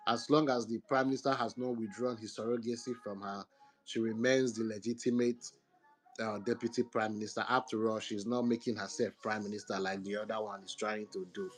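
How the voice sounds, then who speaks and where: A man's voice: lowish voice, fairly even intonation, a little fast. A man speaking in a casual online talk, earnest and rambling with hesitant fillers. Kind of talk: casual chat.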